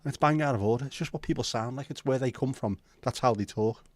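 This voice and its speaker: A man's voice: mid-range voice, fast. A man with a Liverpool accent hosting a livestream, chatting casually and bluntly with plenty of swearing while reading viewer comments. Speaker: livestream host.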